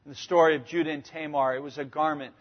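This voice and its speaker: A man preaching a sermon, swinging from hushed, quiet passages to loud, emphatic ones. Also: a little high, steady tone, fast talker, big-room sound, lo-fi sound. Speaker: pastor.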